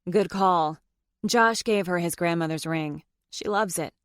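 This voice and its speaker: A woman voicing a brisk, guarded young female lawyer in an audiobook, her words crisp and clipped. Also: lowish voice, dry recording, clean studio sound, lightly acted. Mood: wry.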